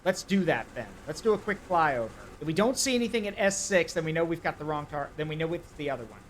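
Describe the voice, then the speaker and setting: A man's voice: a little high, lively intonation, quick pace, a little hiss or hum, poor audio. A man streaming live gameplay, talking himself through each step and getting frantic and swearing under pressure.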